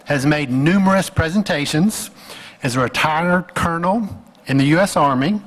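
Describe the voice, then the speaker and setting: A man's voice: on the high side, normal speed, fairly bright tone. A man who hosts a symposium introduces the next speaker by reading out his credentials. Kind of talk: formal introduction. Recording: echoey hall.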